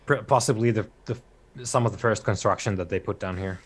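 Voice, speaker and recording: A man narrating as game master of a tabletop role-playing game, talking in a halting way with many fillers and restarts. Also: on the low side, breathy edge.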